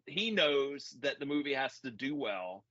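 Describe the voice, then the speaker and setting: A man's voice: mid-range voice, sing-song, a little slow, pushed and bright, no echo. A man co-hosting a podcast in casual chat, laid-back and rambling, often calling his co-host "man.". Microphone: remote call mic. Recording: dull lo-fi audio.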